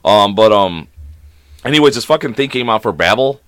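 A man's voice: lowish voice, animated, moderate pace, fairly bright tone, dry recording. A man co-hosting a podcast, trading crude, joking banter, swearing and acting out silly quotes with laughs. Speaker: podcast co-host.

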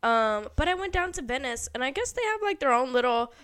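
An excitable woman co-hosts a podcast among friends, pitched a little high. She gasps when something surprises her and keeps the chat casual. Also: brisk, smooth. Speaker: podcast co-host.

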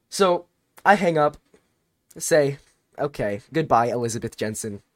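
A man's voice: medium pitch, a little slow, dry recording. Rambling young man telling a story. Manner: rambling, animated retelling with restarts. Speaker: podcast co-host. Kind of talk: casual storytelling chat.

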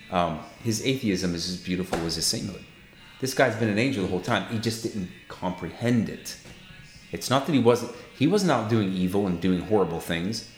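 Low-voiced man preaching fervently. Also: roomy sound. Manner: preachy, fervent, drops to soft reassurance. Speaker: podcast co-host. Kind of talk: casual faith talk.

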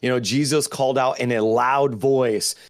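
Male minister guest, mid voice, measured, emphatic. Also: mid-range voice, steady tone, no echo, clean studio sound. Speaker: deliverance minister, panel guest. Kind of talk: panel discussion.

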